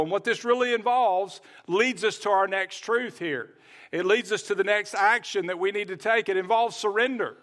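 Bright-voiced man preaching a sermon. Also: high-pitched. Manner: earnest preaching with repeated phrases and restarts. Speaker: pastor.

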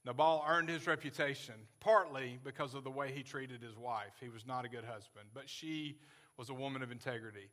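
A man's voice: mid-range voice, fairly even intonation, fairly quick, a bit bright. A man in his forties preaching a sermon as pastor, earnest and folksy, joking with his congregation. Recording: long hall reverb.

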